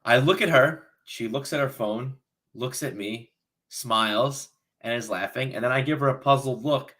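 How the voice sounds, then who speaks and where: A young man co-hosting a fan podcast, retelling a match in a rambling, animated way. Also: mid-range voice, moderate pace. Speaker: podcast co-host. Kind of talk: casual chat.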